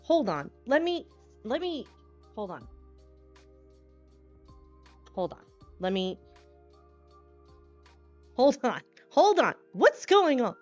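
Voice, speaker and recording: A woman streamer chatting casually with her live chat. She is bubbly and scattered, and she greets people with excited squeals. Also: on the high side, slow pace, long pauses. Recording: dull lo-fi stream audio with faint music.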